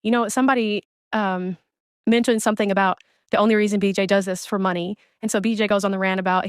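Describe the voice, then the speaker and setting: Woman, commentary creator; exasperated, blunt delivery; smooth voice, dry close recording. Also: medium pitch, steady tone, quick pace, no echo. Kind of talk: ranting commentary on another streamer.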